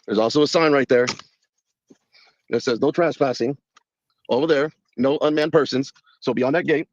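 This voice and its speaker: A man's voice: on the high side, fast, no room sound, lo-fi sound. A man filming a confrontation at a gate, talking in a taunting, mocking way. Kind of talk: confrontational phone-video recording.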